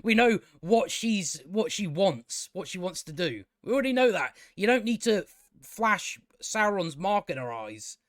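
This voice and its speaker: Man, high-pitched, dry close sound; rambling casual reviewer, incredulous and exasperated. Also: sing-song, measured pace, a bit bright, dry recording. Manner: exasperated, incredulous, full of fillers and restarts. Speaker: TV show reviewer.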